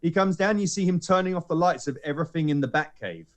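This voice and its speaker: A man's voice: on the high side, fast. Casual man retelling a film. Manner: animated storyteller acting out lines in character voices. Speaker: podcast co-host recounting a film screening. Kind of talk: casual chat.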